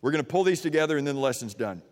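Animated preacher man in a reverberant hall. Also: a little high, very fast. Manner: animated, rising to emphatic peaks and dropping to quiet asides. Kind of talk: sermon.

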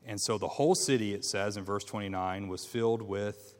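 A man teaching a Bible class, reading scripture aloud in a halting way with many fillers and restarts, and asking his class questions. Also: on the low side. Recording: long reverb in a hall.

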